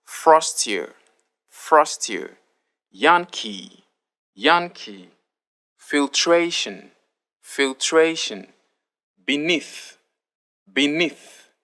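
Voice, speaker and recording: Slow, deliberate man reading spelling words. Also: mid-range voice, sharp tone. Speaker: spelling word reader. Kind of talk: reading a word list aloud, each word twice.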